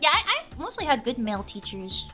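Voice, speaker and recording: Giggly high-voiced woman streamer. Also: a little fast, faint music behind. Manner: giggly, animated storytelling. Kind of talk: casual chat with chat.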